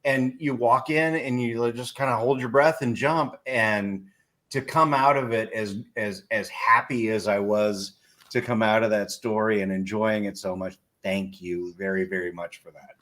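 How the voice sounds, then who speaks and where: A man hosting an interview with an author, chatty and quick to laugh. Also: fairly low pitch, steady tone. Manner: warm, chatty, laughs easily. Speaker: interview host, fellow author. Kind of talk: casual interview chat.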